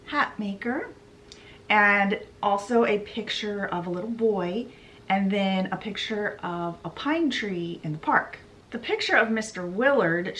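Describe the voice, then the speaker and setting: A woman's voice: mid-range voice, a bit bright, slight background noise. A woman hosting a book vlog, recapping a story in a chatty way with asides. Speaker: book vlogger.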